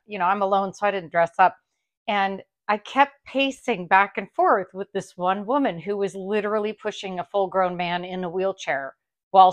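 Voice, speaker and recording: A middle-aged woman vlogging a clothing haul unboxing talks to her viewers warmly and chattily in a middle-pitched voice. She laughs often and restarts her sentences while telling a long story.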